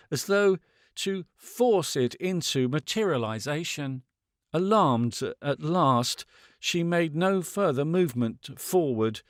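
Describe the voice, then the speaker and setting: A man reading a classic novel aloud as an audiobook narrator, in a measured, dramatic manner. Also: medium pitch, no room sound, clean studio sound.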